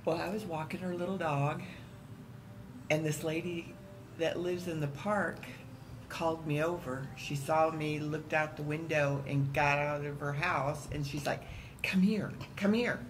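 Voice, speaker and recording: A woman at a church round table, telling a story in a casual, animated way and acting out the voices in it. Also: low voice, a little slow, noisy background. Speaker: church member.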